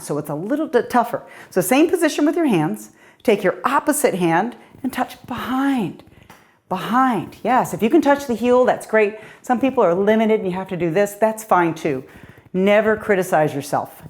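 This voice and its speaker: Exercising alongside her class, this middle-aged woman coach guides a workout with upbeat encouragement, sounding slightly breathless. Her voice is medium in pitch.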